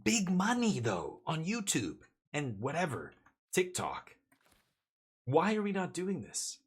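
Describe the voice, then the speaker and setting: A man's voice: on the high side, huge pitch swings, slow, husky. A man chatting casually as he streams a card game, rambling with jokey asides. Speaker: live streamer. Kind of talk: casual gameplay commentary.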